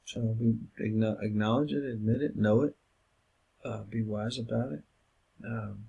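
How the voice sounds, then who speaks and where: Gravelly low-voiced man lecturing casually. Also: steady tone, unhurried, warm tone, lo-fi sound. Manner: casual, conversational lecturing with many fillers. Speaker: counseling instructor. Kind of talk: recorded lecture.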